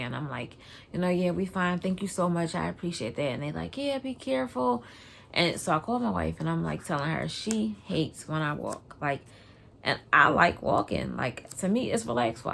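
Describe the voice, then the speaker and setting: Lively woman vlogger telling a story. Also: fairly low pitch, vocal fry. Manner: animated, loud when reliving the scene. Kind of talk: casual storytelling.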